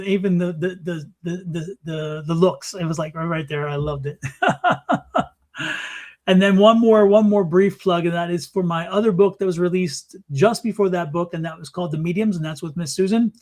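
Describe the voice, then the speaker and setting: A man with a high speaking voice hosting a live chat. He talks loosely, repeats himself and restarts, and laughs a lot. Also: fairly even intonation, darkish tone. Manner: rambling, halting restarts, laughs often. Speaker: host and author. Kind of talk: casual chat.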